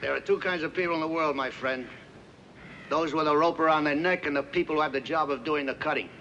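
Tuco, a gravelly Mexican bandit. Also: male voice, a little high, fast, sharp tone. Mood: menacing. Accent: light Mexican accent. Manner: menacing, with a sadistic laugh. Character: scheming boastful Mexican bandit, adult man. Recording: dull, slightly noisy film soundtrack.

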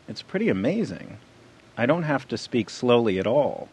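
Guy doing a radio news piece, slightly husky, easygoing and plain. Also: medium pitch, very animated, moderate pace, darkish tone. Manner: plain conversational reporting. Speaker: radio reporter.

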